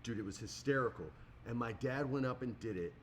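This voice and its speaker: A man's voice: mid-range voice, a little fast, slight background noise. A man, co-hosting a casual podcast chat and telling stories with lots of energy, throwing "dude" into everything. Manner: energetic storyteller, says "dude" a lot. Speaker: podcast co-host.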